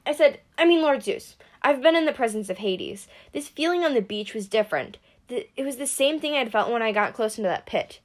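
A woman reading a first-person story aloud at a steady pace, with occasional slips. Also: on the high side, fairly quick, hardly any pauses. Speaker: reader.

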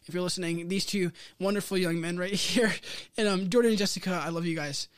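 A man's voice: high-pitched, a little fast, clear, resonant tone, dry recording, studio quality. Easygoing young man, guest on a podcast. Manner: easygoing, laughs often. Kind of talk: casual chat.

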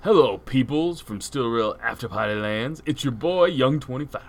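A man putting on the voice of a brash, crude young male wrestling fan, in a slow swaggering drawl. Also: mid-range voice, lively intonation, natural voice.

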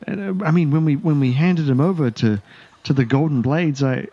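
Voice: mid-range voice, normal speed, warm tone, dull audio, pitched above the performer's own voice, natural voice. A game master voicing a nervous, stammering male elf thug who failed as an actor. He repeats words in panic.

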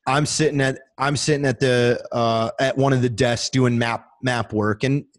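A man in his thirties, a military veteran, recounts a story in a loose conversational way. He swears constantly and leans on "like" between phrases. His voice sits at an ordinary male pitch. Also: fairly even intonation, moderate pace. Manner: profane, heavy use of "like" fillers. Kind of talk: casual storytelling.

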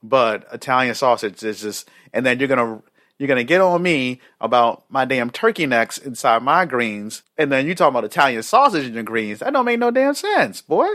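A man's voice: medium pitch, lively intonation, normal speed, fairly bright tone, dry recording, clean studio sound. A young man co-hosting a podcast in casual chat, joking and laughing as he teases his co-host. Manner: laughing, joking, playful teasing.

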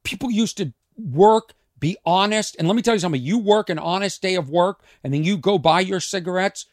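A man's voice: high voice, a little fast, no room sound, studio quality. A man hosting a podcast, ranting in a casual monologue from a trailer outside his home. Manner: ranting, rhetorical questions. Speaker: podcast host and comedian.

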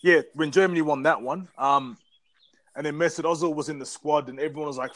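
A man's voice: fairly high pitch, fast talker, a bit bright, no echo. A man from Africa, telling stories in casual, profane chat as a podcast co-host. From South Africa. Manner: rambling, profane storytelling.

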